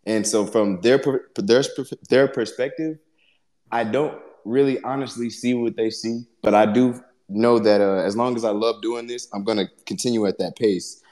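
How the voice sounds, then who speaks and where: A man, a guest musician, talking casually about his music in a reflective, halting way. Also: mid-range voice, steady tone, darkish tone. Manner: reflective, halting, searching for words. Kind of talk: casual conversation.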